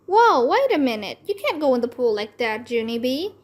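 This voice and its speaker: A woman voicing a patient, firm mother in a children's storybook, speaking calmly and matter-of-factly. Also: sits high, moderate pace. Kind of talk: children's storybook read-aloud.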